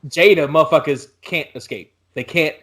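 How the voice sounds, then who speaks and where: A man co-hosting a podcast, telling profane jokes in animated, casual chat. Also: fairly high pitch, normal speed. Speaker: podcast co-host.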